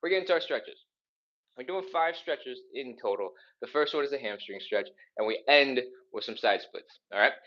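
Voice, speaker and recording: A man's voice: mid-range voice, animated, moderate pace, dull audio. A man leading a live follow-along stretching workout, upbeat and encouraging, counting reps and a little out of breath as he moves. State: slightly out of breath from exercising. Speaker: mobility and stretching instructor.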